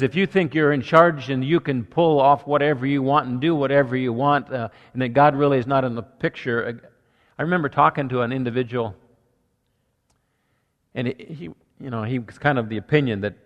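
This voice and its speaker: Man preaching in a reverberant hall. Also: mid-range voice. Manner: earnest, conversational preaching with numbered points. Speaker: pastor. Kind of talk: sermon.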